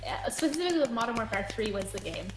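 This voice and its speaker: A woman's voice: on the high side, big pitch swings, racing. A woman guest chatting casually about video games, full of "like" fillers. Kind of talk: casual gaming chat. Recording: echoey room with faint music.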